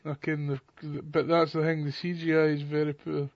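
A man in loose podcast chat, his voice gravelly and pitched a little high for a man. He talks bluntly, swears constantly and jokes around, with a flat, even melody. The recording sounds slightly dull and lo-fi. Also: fairly quick, dry recording. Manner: blunt, heavy swearing, joking. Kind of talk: casual chat.

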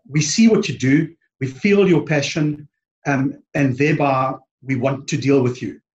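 A man's voice: fairly high pitch, a little mellow, dull audio. A man with a South African accent, a guest in a casual interview, speaking hesitantly with many ums and restarts. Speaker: podcast guest.

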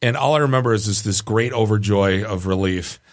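A man telling a long funny story in casual podcast chat, animated and often chuckling at his own tale. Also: lowish voice, a little fast.

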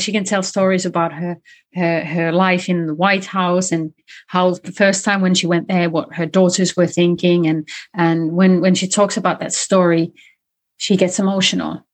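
A woman guest in an interview, explaining communication skills in a lively conversational way and demonstrating tones of voice as she talks. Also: on the low side. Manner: animated, explains with spoken demonstrations.

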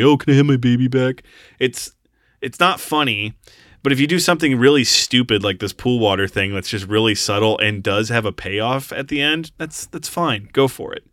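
A man's voice: lowish voice, pushed and bright, dry recording, studio quality. A man co-hosting a podcast, reviewing a film in blunt, exasperated casual chat with some swearing. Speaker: podcast co-host.

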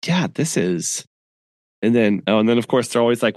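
A man's voice: lowish voice, very animated, normal speed, darkish tone, dry recording, studio quality. A man co-hosting a casual podcast chat, giggly and rambling, laughing often. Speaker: podcast co-host.

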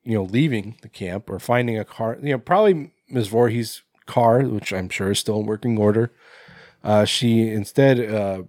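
A man's voice: lowish voice, normal speed, a little mellow, dry recording, clean studio sound. A man co-hosting a podcast, recapping a horror film in loose casual chat, rambling with lots of fillers and swearing. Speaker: podcast co-host.

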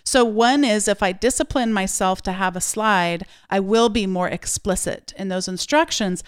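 A woman hosting an interview, asking questions in an engaged, quick way, sometimes joking about herself. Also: mid-range voice, smooth. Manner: engaged, quick, self-deprecating. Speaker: podcast host. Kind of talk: conversational interview.

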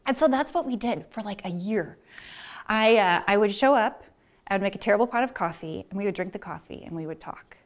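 A woman's voice: medium pitch, a little fast. A woman physician telling a personal story on stage, casual and chatty, with many fillers and frequent laughs.

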